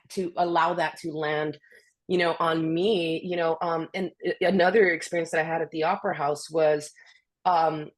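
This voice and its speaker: A woman speaker on a video call, telling personal stories in a casual, animated way, full of "you know" and restarts. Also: sits low. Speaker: guest speaker, orchestra conductor. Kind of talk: casual storytelling on a video webinar.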